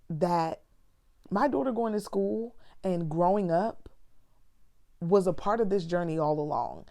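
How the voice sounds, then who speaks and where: A woman's voice: on the low side, dark tone. A woman and mother speaking candidly and earnestly in a personal reflective talk to her viewers. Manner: candid, earnest, conversational, sprinkled with "honey" and "girl". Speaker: vlogger.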